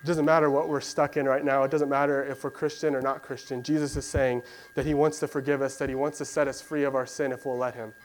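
Male preacher, mid-pitched, casual storytelling sermon, light hum under the voice. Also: flat delivery, fast, hardly any pauses, poor audio. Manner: conversational storytelling with fillers, acts out voices of biblical figures.

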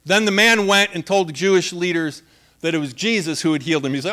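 A man's voice: sits high, quick pace, pushed and bright. A man preaching a conversational sermon, humorous and laughing often as he retells the story. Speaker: pastor.

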